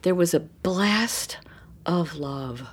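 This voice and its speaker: A middle-aged woman telling a personal story in a casual, animated way, acting out what people said. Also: lowish voice, drawn-out words, breathy edge. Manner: animated, acts out quoted voices. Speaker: storyteller guest.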